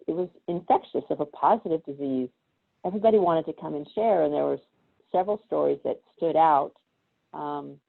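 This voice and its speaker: A woman guest with a deep, gravelly voice and a breathy edge tells stories in a relaxed chat, bringing them to life by acting out the people's voices. The audio comes through a video call and sounds tinny, like a phone.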